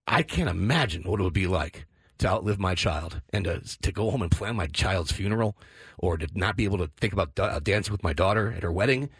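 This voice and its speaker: A man's voice: low voice, lively intonation, a little fast, slightly rough, no echo. A tired man making an earnest, emotional charity appeal, stammering a little as he talks. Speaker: charity radiothon guest. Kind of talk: call-in appeal.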